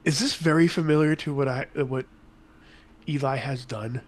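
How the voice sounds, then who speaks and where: A man playing a tabletop game, with a sly, deadpan delivery for his character. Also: mid-range voice, moderate pace. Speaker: player.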